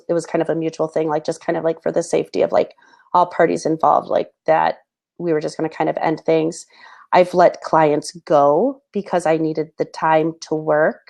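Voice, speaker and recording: A woman's voice: on the low side, darkish tone. Earnest woman host, holding back tears. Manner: earnest, halting, many fillers. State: close to tears. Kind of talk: personal talk to camera.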